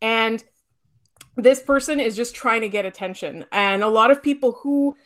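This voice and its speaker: Animated woman from Montreal. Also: fairly high pitch. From Montreal, Quebec. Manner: animated, many fillers, rapid restarts. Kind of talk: casual opinionated chat.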